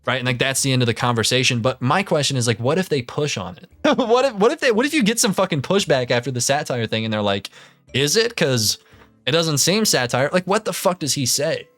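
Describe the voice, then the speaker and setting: A man's voice: mid-range voice, very animated, brisk, a bit bright, no echo, faint music behind. A man doing casual reaction commentary, ranting in disbelief and swearing constantly. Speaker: commentary youtuber.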